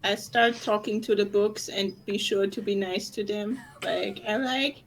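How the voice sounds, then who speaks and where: A woman's voice: mid-range voice, steady tone, unhurried, slight background noise, low-quality recording. A woman playing her character at a tabletop game, sweet and eager. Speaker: player.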